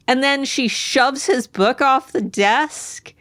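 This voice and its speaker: A woman's voice: high voice, takes it slowly, fairly bright tone. A woman from the United States co-hosting a book podcast, retelling scenes chattily and acting out the characters' lines. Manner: chatty storyteller, acts out quotes. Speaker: podcast co-host. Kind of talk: casual book discussion.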